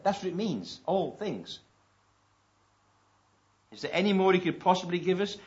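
A man preaching a sermon. He reads scripture slowly and with emphasis and asks the congregation rhetorical questions. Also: mid-range voice, lively intonation, darkish tone. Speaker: pastor. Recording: dull lo-fi recording.

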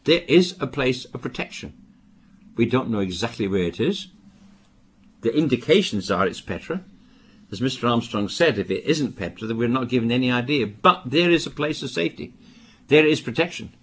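An older man from Britain preaching a sermon, with emphatic bursts and quieter asides. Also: mid-range voice, animated, normal speed, a little hiss or hum. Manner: emphatic, rising to stress warnings, then dropping to asides.

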